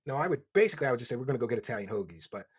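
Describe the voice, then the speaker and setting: A man with a Philadelphia accent hosting a livestream, reading donations and mocking his subject with loud bursts. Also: medium pitch, very animated, racing, a loud crowd. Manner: mocking, loud bursts, reads chat aloud. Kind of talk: casual livestream commentary. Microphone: desk microphone.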